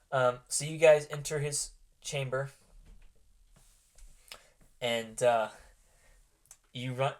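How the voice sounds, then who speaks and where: A man runs a tabletop role-playing game as its game master, describing scenes to his players. He narrates haltingly, with many ums and restarts along the way. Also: medium pitch.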